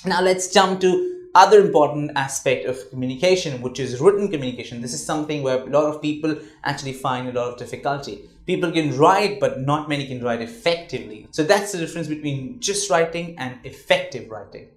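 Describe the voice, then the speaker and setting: A man's voice: fairly high pitch, a little fast, reverberant. A man teaching a communication class in a conversational way, often checking in with "all right?". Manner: conversational, repeats words, asks "all right?". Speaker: communication trainer. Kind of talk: classroom lecture.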